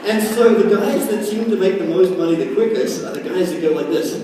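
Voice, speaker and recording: A man giving an energetic motivational talk at a sales meeting, acting out quoted voices and laughing often. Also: high voice, brisk, hardly any pauses. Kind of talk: motivational stage talk with anecdotes. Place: large meeting hall. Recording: echoey hall mic from far off, noisy.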